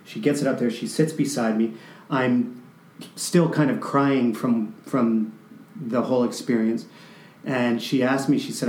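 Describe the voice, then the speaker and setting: A man from Canada telling an emotional personal story, halting and restarting as he speaks. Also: mid-range voice, fairly even intonation, a little mellow, echoey room, a little hiss or hum, poor audio.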